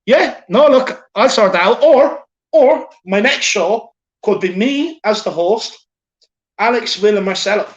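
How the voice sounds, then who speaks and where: Chatty Irish man with a high voice. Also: lively intonation, unhurried, muffled recording. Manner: chatty, repeats himself, calls people "my man" and "lad". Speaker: show host reading super chats. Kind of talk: casual live-stream chat. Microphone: phone.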